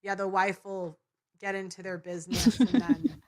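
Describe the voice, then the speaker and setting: A woman's voice: mid-range voice, normal speed, crowd noise. A woman guest recounting a story in a casual, matter-of-fact way. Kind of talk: casual conversation.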